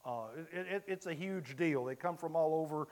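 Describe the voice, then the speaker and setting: A man from Illinois preaching a sermon, telling a story with many halting restarts. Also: a little high, a little mellow. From Illinois, USA.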